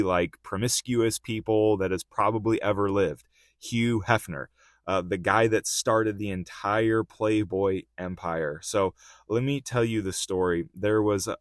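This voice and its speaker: A man's voice: fairly low pitch, dry recording, clean studio sound. A man hosting a podcast and telling a story in a casual way, with fillers, who acts out the people he quotes. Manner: animated retelling, quoting people in a raised voice; conversational, filler "like" and "uh". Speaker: podcast host.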